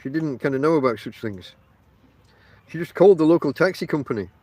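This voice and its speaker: Here the Barnsley podcast host speaks a little fast and animatedly, his voice on the high side with a darkish tone. He rambles casually from a tent outdoors in his Northern English accent, talking directly to listeners. He's chatty, with many fillers.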